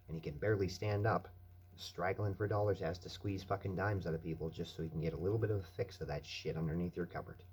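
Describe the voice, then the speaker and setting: A man's voice: low-pitched, darkish tone, husky. A man ranting bluntly and with plenty of profanity in a casual monologue at his night-shift workplace. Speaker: vlogger. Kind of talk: casual rant.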